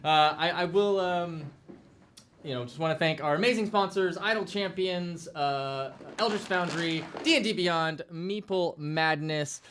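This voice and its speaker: A man's voice: a little high, unhurried, a bit bright, slight background noise. A man who hosts and runs a tabletop role-playing show, opening the session casually and reading sponsor plugs in a loose, joking way. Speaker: game master and host.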